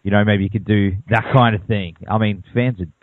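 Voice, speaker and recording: An Australian man with a lowish voice hosts a radio interview and talks like an eager fan. The sound is dry and narrow, as if it had been squeezed through a phone line. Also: fairly even intonation, brisk, no echo. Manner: enthusiastic, fan-like, says man a lot. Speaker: radio show host.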